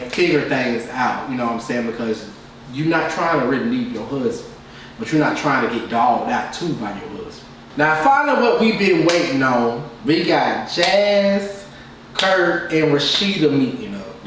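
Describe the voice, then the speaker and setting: A man casually giving his opinions as a reality TV reviewer, in a loose, repetitive way with lots of filler phrases. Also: medium pitch. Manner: loose, repetitive, keeps saying "you know what I'm saying". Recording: very echoey room, distant mic, faint noise.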